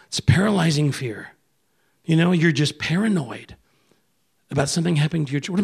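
A man's voice: a little high, animated, a little fast, vocal fry, pauses often, darkish tone, breathy edge. A middle-aged man preaching a sermon in a conversational way, acting out the voices of people he quotes. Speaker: pastor.

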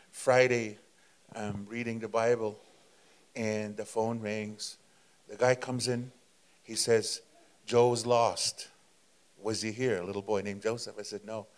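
A man preaching as a guest, telling a testimony in a fervent, halting way, with many fillers and repeated words. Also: on the low side. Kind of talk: testimony storytelling.

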